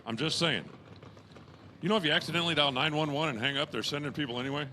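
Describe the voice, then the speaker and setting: A man calls drag races in live commentary with a slightly high, bright, forceful voice, talking fast. He fills the gaps with chatty jokes and puns and gets louder as cars launch and finish, over slight background noise.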